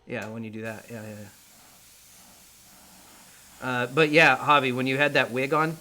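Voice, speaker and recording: A man's voice: medium pitch, normal speed, bright, forceful tone. A man chatting casually with viewers while painting live, rambling a little as he works.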